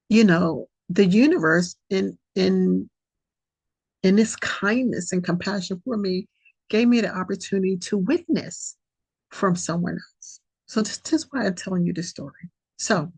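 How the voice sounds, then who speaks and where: A woman's voice: fairly low pitch, a little mellow, dry recording, low-quality recording. A woman hosting a podcast, sharing a reflective spiritual monologue in an earnest way that repeats and dwells on key phrases. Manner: slow, gravelly, breathy voice. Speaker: podcast host.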